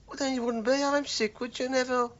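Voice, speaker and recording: A man's voice: very high-pitched, flat delivery, quick pace, a bit bright. A man playing a pompous, wordy know-all builder who lectures his mates. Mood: lecturing. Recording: dull lo-fi TV sound.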